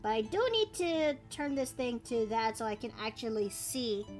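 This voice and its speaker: A woman's voice: on the high side, expressive, moderate pace, a little mellow, soft background music. A Canadian woman chatting casually as she draws live on stream, thinking aloud with playful asides. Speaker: streamer and artist. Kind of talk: casual chat while drawing live.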